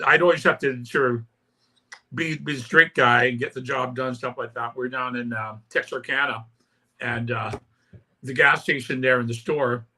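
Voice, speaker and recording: An older Canadian man with a bright, mid-range voice, a punk musician appearing as an interview guest, tells road stories in a casual storytelling interview. He rambles through anecdotes, tags lines with "right?", and acts out the quotes.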